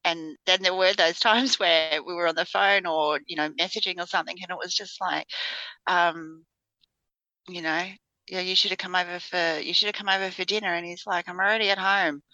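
Aussie woman, bright voice, laughs a lot, dull dry lo-fi sound. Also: on the low side, steady tone, brisk, no room sound. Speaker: co-host. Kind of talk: casual chat.

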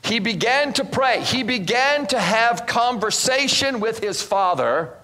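High, bright-voiced male preacher. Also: a little slow, in a large hall. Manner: animated, acts out dialogue. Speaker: guest minister. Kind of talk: sermon with storytelling. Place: church in front of a congregation.

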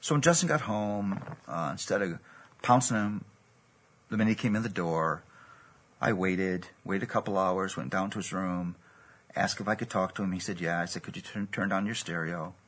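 A man's voice: low-pitched, moderate pace, a bit bright. A man preaching a sermon, telling a personal story in an earnest, storytelling way. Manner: gravelly, husky, earnest storytelling.

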